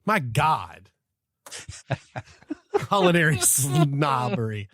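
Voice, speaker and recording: A man's voice: medium pitch, big pitch swings, drawn-out words, a bit bright, no room sound, clean studio sound. A man co-hosting a casual podcast chat, telling stories animatedly and laughing often. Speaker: podcast co-host.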